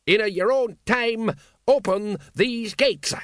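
A man voicing a blustering middle-aged sergeant who barks loud, strained orders in an audiobook. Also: high voice, slow, no room sound, clean studio sound, voice pushed up. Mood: barking.

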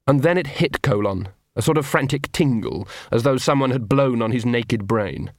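A man's voice: medium pitch, animated, moderate pace, no echo. Man narrating an audiobook, dry sound. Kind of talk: scripted narration.

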